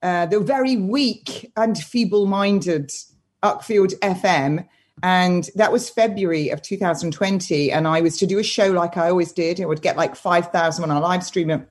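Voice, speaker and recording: A woman, a guest on a video call, telling stories in a lively, talkative way. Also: lowish voice, normal speed. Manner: animated, talkative storytelling. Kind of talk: casual interview chat.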